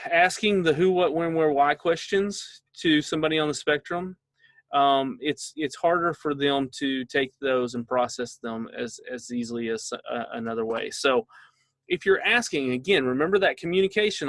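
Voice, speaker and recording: A man's voice: fairly high pitch, a bit bright, no echo. Man giving a casual parenting talk. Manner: conversational, often checks in with listeners. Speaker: parent trainer.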